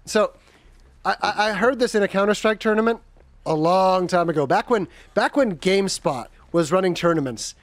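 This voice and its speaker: A man's voice: high voice, moderate pace, no echo. A man hosting a casual let's-play, chatting playfully with a friend. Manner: playful, jokey, sings snippets. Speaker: channel host. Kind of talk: casual gameplay chat.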